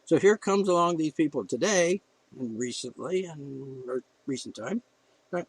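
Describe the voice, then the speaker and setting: Heated, ranting man, fairly high voice. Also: lively intonation, a little slow, husky, no echo, poor audio. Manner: blunt, heated ranting with profanity. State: emotional. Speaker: podcast host. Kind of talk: opinion monologue.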